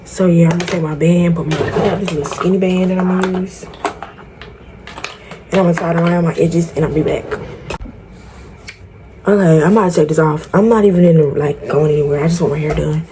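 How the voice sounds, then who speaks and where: A woman's voice: lowish voice, fairly even intonation, fairly quick, long pauses, noisy background. A woman vlogging a tutorial in casual chat, talking straight to her viewers, frank, exasperated and swearing freely. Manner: chatty, talks straight to viewers. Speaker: beauty vlogger.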